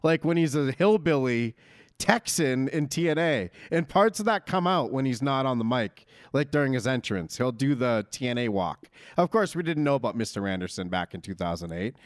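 A man's voice: medium pitch, lively intonation, normal speed, no echo, studio quality. A man in his thirties co-hosting a casual wrestling chat, rambling and jokey with mock-announcer asides. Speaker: podcast co-host.

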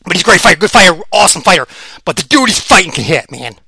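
A man talks through his fight picks in a loose, rambling, excitable way, repeating lines for emphasis. His voice sits high and sounds bright and forceful. He is a little out of breath, and the sound is dry. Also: rapid-fire, creaky, slightly rough, dry recording. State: slightly out of breath. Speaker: podcast host. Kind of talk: casual fight-pick commentary.

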